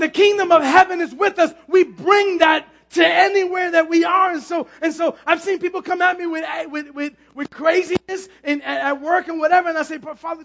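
High-voiced fervent male preacher. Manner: fervent, repeats and stumbles over words, bursts into shouting. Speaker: pastor. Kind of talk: sermon.

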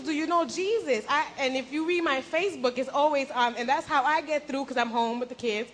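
A young woman giving an animated personal faith testimony at a church gathering, acting out her own past words and laughing at herself. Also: sits high, brisk, hardly any pauses.

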